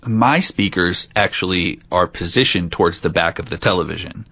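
A man's voice: low voice, moderate pace, pushed and bright, no room sound, dull audio. A man hosting a casual podcast, reading out facts and teasing his co-host with frequent laughs.

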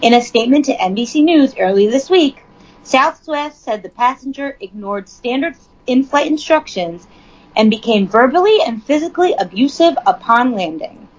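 A woman with a fairly high, very lively voice reads out news and breaks off into frank, profane commentary. The recording sounds dull and lo-fi. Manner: chatty, profane, reads news then riffs on it.

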